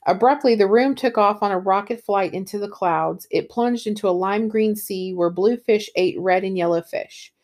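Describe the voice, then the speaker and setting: A woman's voice: medium pitch, moderate pace, hardly any pauses, darkish tone. A woman enthusiastically talking about a novel in casual book talk, then reading a passage aloud. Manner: enthusiastic, with fillers like um and you know. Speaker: book reviewer.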